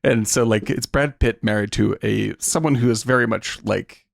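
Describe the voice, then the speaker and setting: A man's voice: lowish voice, creaky, no echo, studio quality. A man on a film podcast, casually chiming in and agreeing, adding his own takes. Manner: agreeable, quick to chime in with yeahs and rights. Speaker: podcast co-host.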